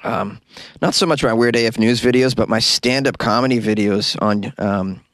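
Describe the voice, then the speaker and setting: A man's voice: fairly low pitch, normal speed, fairly bright tone, no echo. Jokey male podcast host, dry sound. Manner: jokey, rambling, puts on silly voices for quotes. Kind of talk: comic news reading and casual chat. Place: small closet studio.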